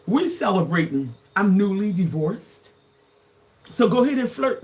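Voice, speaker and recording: A woman's voice: mid-range voice, expressive, unhurried. A woman about to turn sixty-one, chatting playfully with viewers on a casual livestream and laughing often. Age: 60s. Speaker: livestream host. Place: indoors, live from Grenada.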